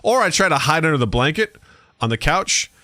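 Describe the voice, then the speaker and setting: A man co-hosting a podcast, telling animated stories in casual chat and acting out voices. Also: fairly high pitch, fairly quick, no echo, studio quality. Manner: animated storyteller, acts out voices. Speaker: podcast co-host.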